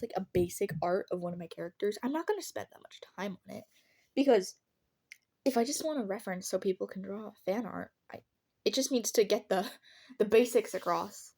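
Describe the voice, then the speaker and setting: Medium in pitch with a somewhat dark tone, this teen artist vlogger chats casually about art. Her talk is sarcastic and talkative, with frequent laughter and the odd swear word.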